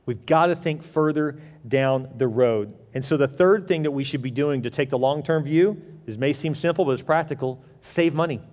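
Animated preaching man in a reverberant hall. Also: sits high. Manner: animated, acts out quoted voices, rhetorical questions. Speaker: pastor. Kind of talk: sermon.

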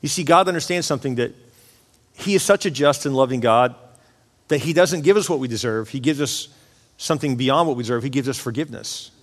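A man preaching a sermon in a lively, conversational way, acting out the voices of the people in the story. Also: mid-range voice, brisk, in a large hall. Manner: animated, acts out voices of God and others. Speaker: pastor.

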